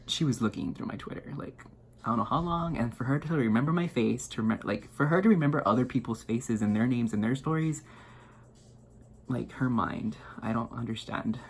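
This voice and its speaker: A young man telling a story to his viewers in an excited, rambling way, full of fillers and restarts. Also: medium pitch, vocal fry, breathy edge. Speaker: vlogger. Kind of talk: casual storytelling to camera.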